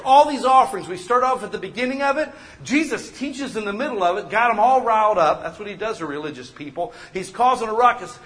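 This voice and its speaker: A man preaching a sermon as pastor, animated and joking, acting out the people he quotes. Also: high-pitched.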